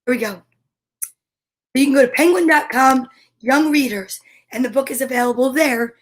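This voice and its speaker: A woman's voice: high-pitched, moderate pace. A woman hosting a children's storytime, chatting and reading a picture book aloud in a bubbly, friendly way. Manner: bubbly and chatty, talks straight to young listeners.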